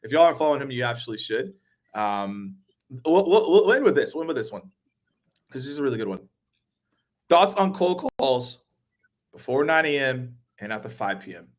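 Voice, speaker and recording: A man hosting a webinar over a video call, upbeat and quick to laugh, giving shout-outs to viewers. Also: mid-range voice, very animated. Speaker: webinar host. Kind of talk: casual panel chat.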